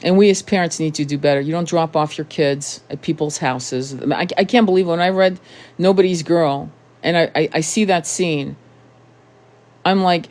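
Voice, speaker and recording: A woman's voice: low voice, moderate pace, darkish tone. Blunt, profane woman ranting to camera. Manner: blunt, profane and emphatic, with rhetorical questions. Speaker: tarot channel host. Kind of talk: impassioned direct-to-camera monologue.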